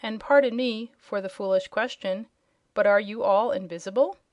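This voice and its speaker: A woman's voice: medium pitch, moderate pace, a little mellow, dry recording, dull audio, close to an everyday voice. A woman voicing a kindly, puzzled old male wizard in a children's storybook reading. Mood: polite.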